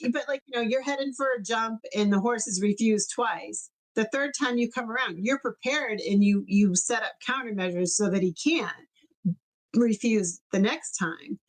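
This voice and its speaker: A woman's voice: a little high, moderate pace, low-quality recording. A woman co-hosting a podcast about dog training, talking in a thoughtful, casual way and searching for her words as she goes. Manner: thoughtful, searching for words, lots of fillers and restarts. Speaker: podcast co-host. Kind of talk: casual chat.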